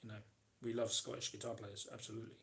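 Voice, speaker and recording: A man's voice: fairly low pitch, little pitch movement, fast talker, vocal fry. A man hosting a casual live question-and-answer stream, reading out viewers' comments and answering them in a rambling, chatty way full of ums and restarts.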